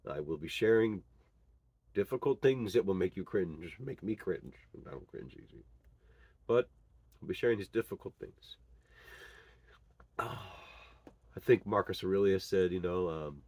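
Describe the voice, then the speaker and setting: A middle-aged man telling a personal story as a father, halting and earnest, with many pauses and fillers. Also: deep voice, a little mellow, dry recording. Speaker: father sharing his story. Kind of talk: personal monologue.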